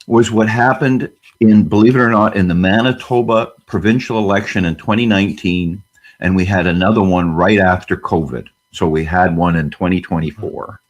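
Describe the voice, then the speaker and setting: A man's voice: low-pitched, moderate pace. A man speaking as a guest on a panel discussion, fiery and emphatic, firing off rhetorical questions.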